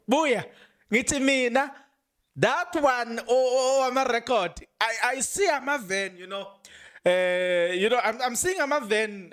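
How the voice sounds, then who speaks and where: Animated South African man, lively pitch. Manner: animated, laughing, mixing Zulu phrases into English. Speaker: podcast host. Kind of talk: excited commentary on a court case.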